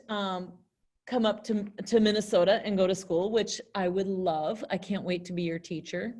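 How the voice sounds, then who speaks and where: A young woman teaching an online class in a chatty way, acting out example phrases in different tones. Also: fairly high pitch. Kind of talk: virtual classroom lesson.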